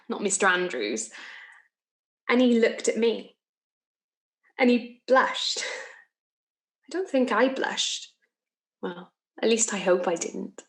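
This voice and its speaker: A woman's voice: on the high side, fairly bright tone. An actress playing a lovestruck young office woman who chats and giggles through her confession, recorded in an echoey room. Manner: chatty, confiding, giggly asides. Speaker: actor in a monologue. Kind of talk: theatrical monologue.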